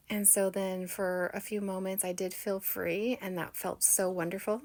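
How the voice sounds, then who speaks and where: A woman's voice: medium pitch, steady tone, moderate pace, few pauses, a little mellow. A woman vlogger telling a personal spiritual story in a chatty, earnest and heartfelt way.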